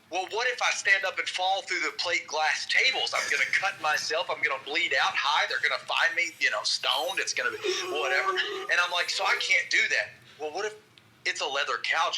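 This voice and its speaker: A man's voice: a little high, heavy background noise. A man telling a rambling, self-mocking story in casual podcast chat. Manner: rambling, lively storyteller with restarts. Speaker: podcast co-host.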